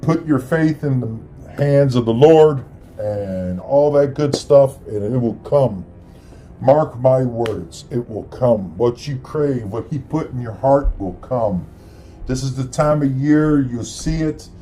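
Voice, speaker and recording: A man's voice: medium pitch, takes it slowly, warm tone. A middle-aged man from the area, hosting a casual holiday monologue in a rambling, earnest, profane way. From Chicago area. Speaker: host.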